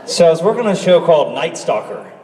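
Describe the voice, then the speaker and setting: A man's voice: a little high, fast, a crowd in the background, noisy background. A man telling stories casually on a convention panel, acting out other people's lines as he goes. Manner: animated storyteller who acts out other people's lines. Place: large convention hall. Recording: echoey hall from far off.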